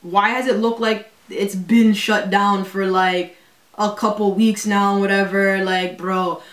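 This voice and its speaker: A woman's voice: medium pitch, little pitch movement, far from the mic. A woman in her twenties vlogging casually at home, talking in slang and filling her talk with "like" and "yo". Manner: slangy, full of 'like' and 'yo', quick asides. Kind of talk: casual vlog. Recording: roomy echo, away from the mic.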